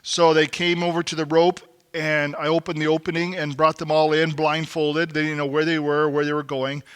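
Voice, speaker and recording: High bright-voiced man telling a story. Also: little pitch movement, normal speed, clean tone. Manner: folksy, acts out quotes, rises to emphatic exhortation. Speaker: men's retreat speaker. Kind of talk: storytelling talk to a men's group. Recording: long hall reverb.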